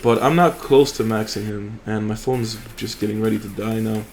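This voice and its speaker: Relaxed man rambling over game footage. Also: fairly low pitch, normal speed, faint music behind. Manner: rambling, relaxed, fillers and restarts. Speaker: mobile game channel host. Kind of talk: casual gameplay commentary.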